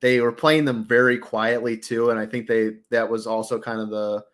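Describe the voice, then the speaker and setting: A man's voice: mid-range voice, little pitch movement, moderate pace, fairly bright tone. A man hosting a casual review chat, enthusiastic and rambling, often restarting his sentences. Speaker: audio reviewer host.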